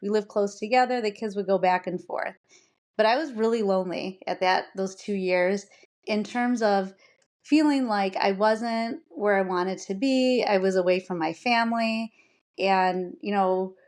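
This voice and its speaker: A woman's voice: medium pitch, measured pace, darkish tone. Earnest woman sharing a personal story. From United States. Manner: earnest, emotional, with many fillers and restarts. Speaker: podcast guest.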